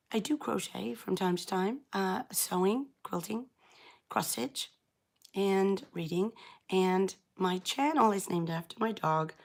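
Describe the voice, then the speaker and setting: A middle-aged English woman hosts a live knitting stream, hoarse and croaky after an illness, chatting casually, rambling, and greeting viewers by name. Her voice is medium in pitch.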